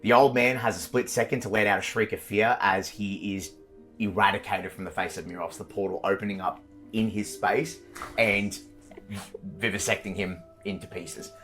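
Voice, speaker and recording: A man narrating a dark tabletop fantasy game as dungeon master, with vivid, gory descriptions and frequent fillers like "uh" and "like". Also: lowish voice, steady tone, normal speed, soft background music.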